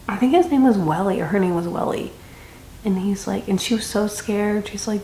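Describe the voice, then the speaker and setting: A woman's voice: mid-range voice, moderate pace, mellow. A young woman giving a casual, chatty book review with dramatic reactions and rambling asides. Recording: echoey room with faint noise.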